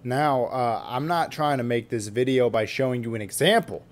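A man's voice: medium pitch, normal speed, slight background noise. Profane sarcastic young man ranting. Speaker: vlogger. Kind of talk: casual comedic rant to camera.

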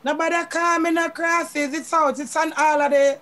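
A Jamaican woman, a guest, telling her story in lively patois and laughing as she goes. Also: moderate pace. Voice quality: high, expressive, laughs while telling.

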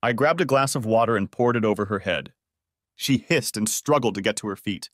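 A man reading a first-person story aloud in a steady, even manner. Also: lowish voice, brisk, no echo, studio quality. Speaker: audiobook narrator.

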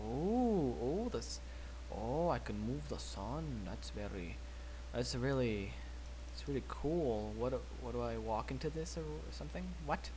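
A man hosting let's play commentary, excitable, cursing freely and yelping when startled. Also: mid-range voice, a little slow, a little hiss or hum. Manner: excitable, swears a lot, yelps when startled. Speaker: gaming channel host.

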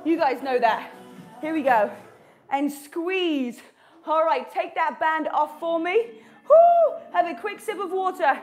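A woman's voice: extremely high pitch, unhurried, soft background music. A woman leading a live home workout, cueing the moves with upbeat encouragement and chatting to her dog between counts. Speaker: fitness instructor.

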